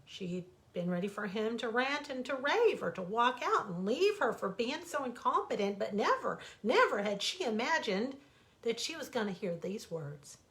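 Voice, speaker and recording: A woman author reading a bedtime fable aloud in an expressive, dramatic storytelling manner. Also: a little high, moderate pace. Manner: expressive, dramatic, warmly animated. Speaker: author reading her own stories.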